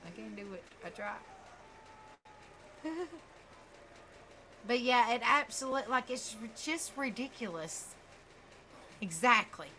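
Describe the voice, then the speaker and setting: Outspoken woman reacting on camera, bright voice. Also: a little high, animated, takes it slowly, pauses often, a little hiss or hum. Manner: talks straight to viewers, stumbles over words, outspoken. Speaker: true crime commentary host. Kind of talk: casual reaction commentary.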